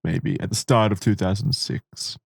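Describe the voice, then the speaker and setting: A man's voice: on the low side, fairly even intonation, normal speed, creaky, slightly rough, no room sound, clean studio sound. Hesitant male podcast co-host. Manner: hesitant, restarts and trails off. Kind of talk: casual chat.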